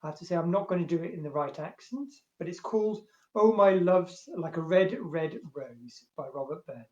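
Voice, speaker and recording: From indoors at home, a male librarian with a high-pitched voice chats casually and reads love poetry aloud, speaking at a moderate pace with few pauses and many fillers. His voice swells louder and fuller when he recites. The recording is roomy and slightly muffled, with the space ringing a little around him.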